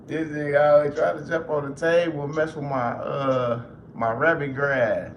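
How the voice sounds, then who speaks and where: Male livestream host, loose and profane, mid pitch, echoey room. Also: a little slow. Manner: loose, joking, swears freely. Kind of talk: casual livestream chat. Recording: roomy echo with faint noise.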